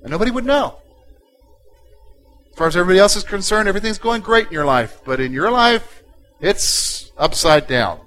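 A male pastor delivering a sermon, dropping to a quiet intimate tone and then rising loud and emphatic. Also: high voice, lively intonation, a little fast, low-quality recording. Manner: dynamic preaching, swinging from hushed to loud and emphatic.

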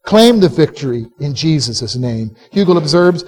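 A male pastor preaching a sermon to a live congregation, animated and conversational, quizzing listeners to answer back. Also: a little high, normal speed, few pauses. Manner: direct, conversational asides to the listeners. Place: church service before a live congregation.

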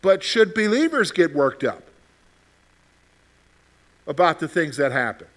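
An unhurried male teacher with a fairly bright, high-leaning voice and big swings in pitch guides his Bible study class in open discussion. He asks the group questions, says things more than once, and keeps checking in with "okay?".

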